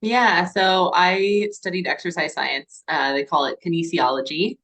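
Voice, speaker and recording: A woman coach as a podcast guest, talking in a relaxed, upbeat way with many fillers. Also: fairly low pitch, measured pace. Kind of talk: casual podcast chat.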